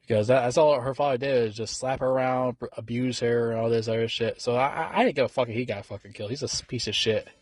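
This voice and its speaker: A man's voice: medium pitch, fast, few pauses, dry recording, soft background music. A man casually recapping a movie in a rambling, profane way, full of fillers and restarts. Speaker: movie reviewer.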